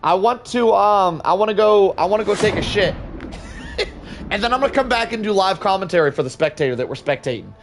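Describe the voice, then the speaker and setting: A male game streamer talks casually to his live chat, loud, joking and excitable, with profanity thrown in. His voice sits high for a man and jumps all over the place. A faint hiss of noise hangs in the background. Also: brisk. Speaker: livestream host. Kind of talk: casual live gameplay commentary.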